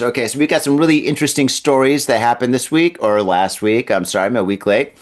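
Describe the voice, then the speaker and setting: A man's voice: mid-range voice, brisk, hardly any pauses. A man hosting a comedy news show, reading stories in a casual, rambling way with joking asides. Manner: jokey and rambling, laughs at his own asides.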